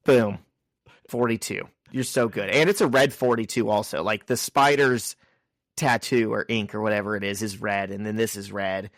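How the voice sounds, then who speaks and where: A man co-hosting a podcast, casually recapping a comic and acting out the characters' lines in quick asides. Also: lowish voice, fairly even intonation, fairly bright tone, no echo, studio quality. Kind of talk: casual chat.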